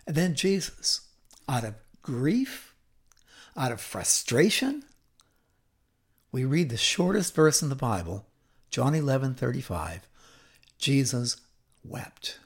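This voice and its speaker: A man preaching from the pulpit, unhurried and measured in his pace. He retells the scripture story dramatically, swelling and then dropping to a hush for effect. His voice sits at an ordinary middle pitch. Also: very animated, slightly rough. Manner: dramatic, deliberate storytelling with acted quotes and sudden hushed drops.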